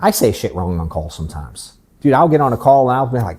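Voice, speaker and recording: A man's voice: medium pitch, big pitch swings, quick pace, a little mellow, slightly rough. A man in his thirties, a sales coach hosting a workshop in his office, talking bluntly and candidly and swearing casually.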